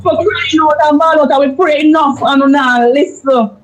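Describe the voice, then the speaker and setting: A man's voice: very high-pitched, normal speed, crowd noise, poor audio. A man with a Jamaican accent pleading passionately, like a caller urging the nation. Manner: pleading, impassioned.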